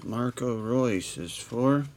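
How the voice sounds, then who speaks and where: A man's voice: medium pitch, expressive, darkish tone, slight background noise. A man hosting a live trading card break, reading out players and numbers with dry asides. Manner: unhurried, reads off card numbers with dry jokes.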